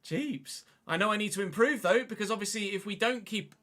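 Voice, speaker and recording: Bright-voiced man commentating his gameplay. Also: high-pitched. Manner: chatty, commentates his own play with quick excited outbursts. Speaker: streamer.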